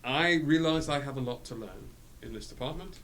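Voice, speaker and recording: A man's voice: mid-range voice, fairly quick, fairly bright tone, a little hiss or hum, lightly acted. A man voicing a smug, gracious Satan in a red suit, speaking in a raised, theatrical voice. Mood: businesslike.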